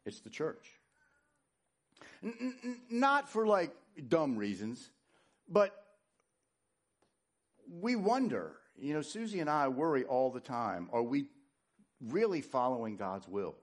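A male pastor preaching a sermon live in a church on a stage microphone, swinging from loud emphatic declarations down to soft whispers and asking rhetorical questions. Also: mid-range voice, big pitch swings, takes it slowly, long pauses. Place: church sanctuary before a congregation. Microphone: live handheld or stage microphone.

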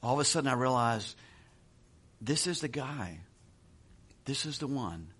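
A middle-aged man preaching a sermon in a relaxed, conversational way, chuckling now and then and often repeating words as he goes. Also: mid-range voice, measured pace, breathy edge. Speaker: pastor.

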